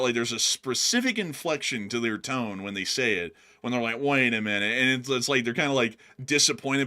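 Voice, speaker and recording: An American man co-hosting a news commentary show, chatting casually in an animated, rambling way full of filler words. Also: mid-range voice. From United States. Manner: animated, acts out voices of fans he meets. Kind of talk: casual chat.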